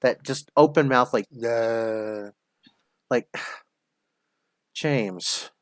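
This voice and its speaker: Male stream host who lectures slowly and mocks; dry, close recording. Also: medium pitch, no echo. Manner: slow, lecturing, mocking. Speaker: show host. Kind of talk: live stream commentary.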